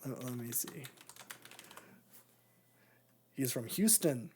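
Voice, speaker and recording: Joking male podcast co-host with a warm, mellow tone. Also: mid-range voice, moderate pace, slight background noise. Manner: rambling, joking, laughs often. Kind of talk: casual chat.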